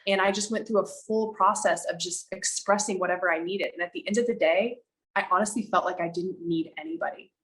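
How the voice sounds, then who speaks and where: A woman with a slightly low voice speaks as a podcast guest, telling her story in an animated, emphatic way. She slows down to draw out her key words, then rushes through quick asides, and swears now and then for emphasis. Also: low-quality recording. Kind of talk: candid conversational storytelling.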